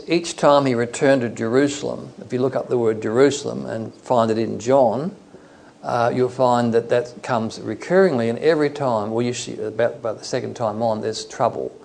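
A man from Australia leads an evening Bible study, talking it through in a relaxed, conversational manner. His voice has a gravelly edge, and he drifts off on small asides before coming back to the passage. He speaks at an ordinary middle pitch. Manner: conversational, digressive, with fillers. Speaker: preacher.

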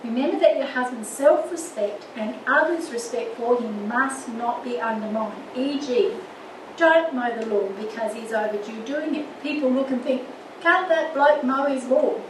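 An older woman with a high voice teaches a church marriage course, earnest and full of anecdotes. She sounds far from the mic in an echoey room with steady background noise. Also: moderate pace. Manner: earnest, with lively anecdotes and acted quotes.

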